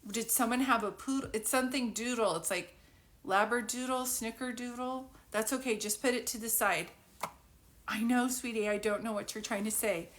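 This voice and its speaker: On a live phone reading, a psychic medium chats casually, rambling and thinking aloud with frequent giggles. Her fairly bright voice is on the high side and moves at normal speed.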